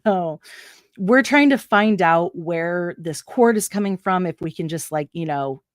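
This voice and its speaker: A woman's voice: a little slow, dry recording, clean studio sound. Profane American woman telling a wild story. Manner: animated, profane, acts out quotes with big pitch jumps. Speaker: guest. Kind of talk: casual storytelling.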